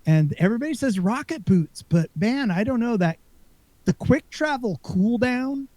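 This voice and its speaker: A man's voice: extremely high pitch, animated, moderate pace, darkish tone, dry recording. A man co-hosting a podcast, chatting casually and rambling about a video game with lots of fillers and restarts. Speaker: podcast co-host. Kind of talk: casual gaming chat.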